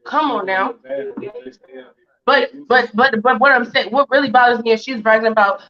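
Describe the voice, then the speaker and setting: A fairly high-voiced woman speaks over a video call, defiant and indignant. She fires off question after question at her critics. The stream audio sounds dull and muffled. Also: moderate pace, fairly bright tone. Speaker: interview guest. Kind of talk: heated livestream interview.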